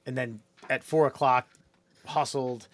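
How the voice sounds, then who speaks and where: A man co-hosts a casual podcast chat, profane and mocking, mimicking other people in exaggerated voices. His voice is medium-pitched with fairly even intonation and a measured pace.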